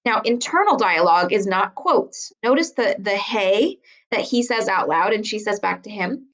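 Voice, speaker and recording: A woman teacher giving a recorded writing lesson, explaining patiently and clearly, slowing down to stress key words. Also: medium pitch, animated, fairly bright tone, low-quality recording.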